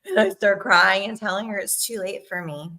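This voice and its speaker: A middle-aged woman sales coach talking casually to her viewers, animated and emphatic, with frequent "right?" and "okay?" asides. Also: mid-range voice, moderate pace. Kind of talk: casual talk to camera.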